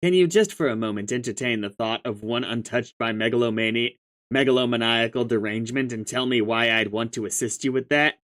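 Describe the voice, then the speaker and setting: Dude voicing a prim sarcastic troll kid, dry and proper, trips on words. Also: male voice, mid-range voice, brisk, a bit bright, close to an everyday voice. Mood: sardonic. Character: prim sardonic young troll, reluctant mediator.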